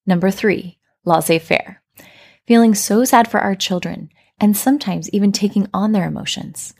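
A woman hosting a parenting podcast, telling a story and explaining in a calm, reflective scripted way. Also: medium pitch, normal speed, vocal fry, breathy edge. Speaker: podcast host.

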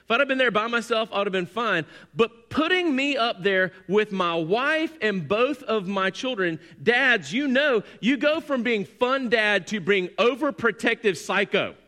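A man in his forties preaching a sermon, telling a personal story and swinging from quiet to loud, excited bursts. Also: sits high, unhurried, few pauses. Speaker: pastor. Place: church hall. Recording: long hall reverb.

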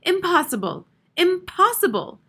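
A woman's voice: extremely high pitch, very animated, measured pace, bright, forceful tone, voice pushed up, exaggerated voice. A woman voicing a hysterical bedridden older woman who shrieks and wails. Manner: shrieking, wailing.

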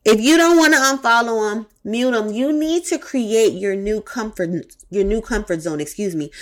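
Woman, podcast host, casual advice talk, blunt and profane, very animated pitch. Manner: conversational, repeats for emphasis.

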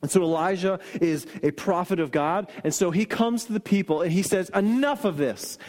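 A man delivers a sermon with a notably high voice. He tells stories animatedly and sinks into quiet earnest emphasis. His voice rings with long reverb from a large hall. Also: brisk. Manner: storytelling, shifts into quoted voices and soft emphatic lines. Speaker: pastor.

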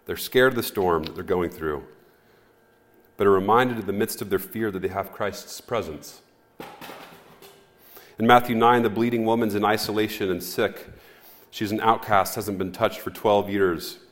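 A man preaching a sermon as pastor, in an earnest, measured way with pauses and fillers. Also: fairly low pitch. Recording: echoey hall reverb.

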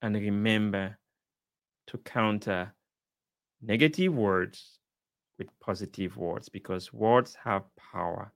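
A father speaking earnestly about the power of words, encouraging listeners with measured emphasis and repeated points. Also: lowish voice, gravelly, no room sound, studio quality. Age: adult, father of a young child. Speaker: speaker sharing life advice. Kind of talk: slow inspirational talk.

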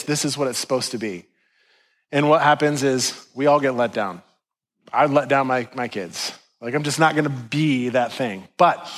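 A man's voice: on the high side, fairly bright tone. A man, a pastor, gives a casual, chatty sermon full of self-deprecating asides and filler words.

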